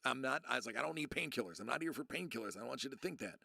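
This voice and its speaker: A man in his thirties rambling through a personal story to his live chat, often restarting and quoting people in a lowered voice. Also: animated, racing, creaky, bright, forceful tone, no room sound, studio quality. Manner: rambling, self-interrupting, acts out quotes in a low voice. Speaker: streamer.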